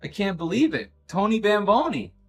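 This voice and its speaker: A man talking casually on his livestream, swearing and reacting with disbelief, his pitch jumping all over. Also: normal speed. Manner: animated, swearing, incredulous outbursts. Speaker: livestreaming painter. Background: background jazz music.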